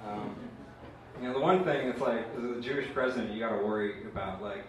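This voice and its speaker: A man's voice: medium pitch, fast talker, dull audio, a little hiss or hum. A young man doing a rambling, self-deprecating open mic stand-up set, full of fillers. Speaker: stand-up comedian. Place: small open mic room, audience laughing. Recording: echoey live room bootleg from far off.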